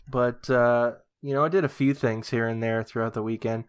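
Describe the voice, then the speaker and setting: A man co-hosting a casual comedy podcast, telling absurd stories in a deadpan way, full of ums and uhs. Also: mid-range voice, moderate pace, smooth. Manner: deadpan, rambling, many fillers. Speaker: podcast co-host. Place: lives in Brazil.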